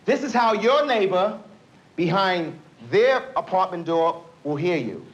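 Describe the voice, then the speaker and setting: A middle-aged male police officer teaching a live self-defense class, energetic and coaxing, quizzing the group as he demonstrates. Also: high-pitched, unhurried. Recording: dull lo-fi 1970s film sound.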